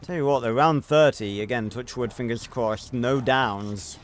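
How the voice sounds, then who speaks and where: A man's voice: medium pitch, measured pace, slight background noise. A man streaming a video game, giving casual, rambling commentary, thinking aloud and swearing freely.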